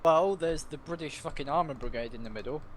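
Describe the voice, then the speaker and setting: A man's voice: fairly high pitch, fairly quick, a little hiss or hum. A man co-hosting a tank game stream, trading jokey, teasing banter at a desk microphone. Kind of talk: casual gaming livestream chat.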